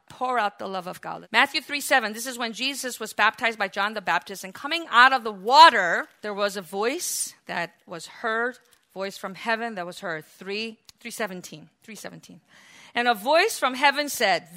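A woman preaching a sermon, emphatic, moving between loud passionate peaks and quiet explaining. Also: fairly high pitch.

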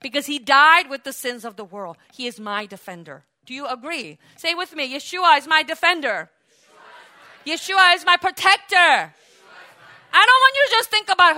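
Bright high-voiced woman preaching a sermon. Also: very animated, normal speed. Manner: swings between quiet explaining and loud, high preaching; asks the congregation questions and calls for amens. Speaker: pastor.

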